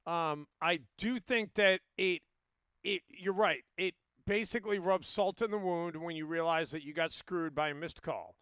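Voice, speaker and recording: A man hosts a sports talk radio show, chatting casually and often restarting his sentences. His voice sits high and sounds bright. It is recorded dry and close at a studio mic. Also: normal speed, smooth, dry recording. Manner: rambling, self-interrupting, many restarts.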